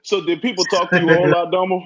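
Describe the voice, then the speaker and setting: A man in casual chat, chiming in with wry quick comments. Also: high-pitched, flat delivery. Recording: dull sound with crowd noise.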